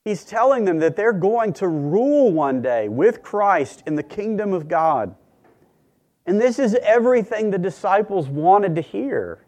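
A man preaching a sermon in a measured, earnest way, with dramatic pauses. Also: high-pitched, sing-song, darkish tone.

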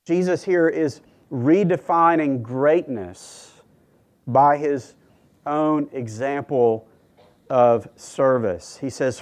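A man preaching a sermon in a measured, earnest way, with dramatic pauses. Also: a little high, darkish tone.

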